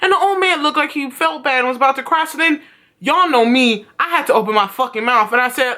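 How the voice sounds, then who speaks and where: A woman's voice: fairly high pitch, fairly quick, pushed and bright. A young woman vlogging at home, telling stories in a blunt, profane rant. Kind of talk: casual vlog rant.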